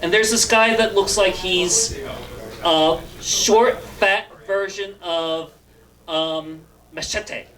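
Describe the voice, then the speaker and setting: Slow, halting stand-up comedian. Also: male voice, high voice, fairly even intonation, fairly bright tone. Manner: halting delivery full of fillers, laughs at his own jokes. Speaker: stand-up comedian and show host.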